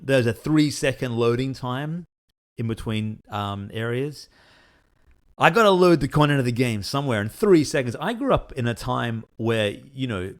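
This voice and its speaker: A man, a solo game developer, talking candidly and rambling with many fillers. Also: medium pitch. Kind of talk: casual talk to camera.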